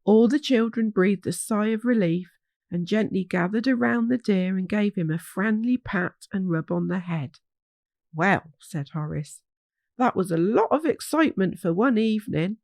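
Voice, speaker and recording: A woman reading a children's storybook aloud in a gentle, measured way. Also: mid-range voice, no echo.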